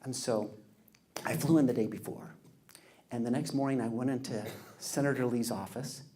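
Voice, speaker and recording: A man giving a storytelling speech, lively and acting out the people he quotes. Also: mid-range voice, normal speed, a little hiss or hum. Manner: animated, acts out quoted people. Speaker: public speaker.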